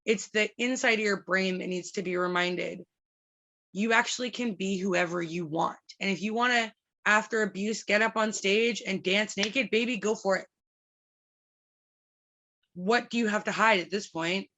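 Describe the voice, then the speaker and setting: Woman, thirties, bright tone, frank and lively storyteller, podcast guest. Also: medium pitch, moderate pace. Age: 30s. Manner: frank, animated storytelling with swearing and laughs. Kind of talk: candid podcast conversation.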